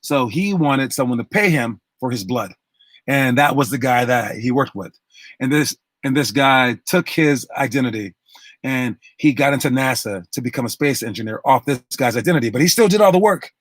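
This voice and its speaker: A man's voice: medium pitch, lively intonation, moderate pace, fairly bright tone, no room sound. A man working as a basketball coach, giving a motivational talk to his players and retelling a story with acted-out quotes and frequent restarts.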